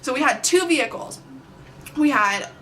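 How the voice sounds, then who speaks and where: A young adult woman telling a story on her vlog, chatty and animated, with plenty of filler words. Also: high voice, moderate pace, slight background noise. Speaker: vlogger. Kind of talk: casual storytime.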